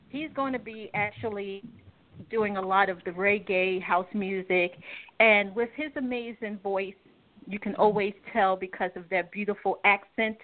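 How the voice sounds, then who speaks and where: A woman guest on a talk radio show, telling stories in a chatty, laughing way, stretching some words out slowly. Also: mid-range voice. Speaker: guest, music company head. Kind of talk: casual radio chat. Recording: phone-line audio.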